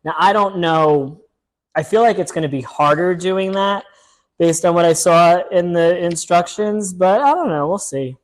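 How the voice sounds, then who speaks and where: A man's voice: high-pitched, unhurried. A man hosting a casual solo board game playthrough, chatting upbeat as he thinks aloud and reads the story text. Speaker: board game channel host.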